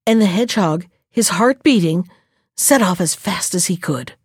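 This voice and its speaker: A woman reading a storybook aloud as narrator, expressive and lively. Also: lowish voice, moderate pace, breathy edge, dry recording, studio quality.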